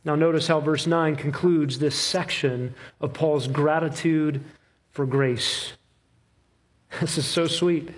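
A man preaching an expository sermon, emphatic, with rhythmic repetition and slow, stressed phrases. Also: a little high, steady tone.

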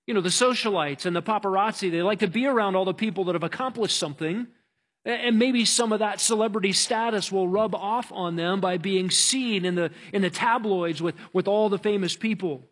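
A man's voice: high voice, fairly quick, fairly bright tone. A man preaching a sermon as pastor, earnest and emphatic, often restarting his words.

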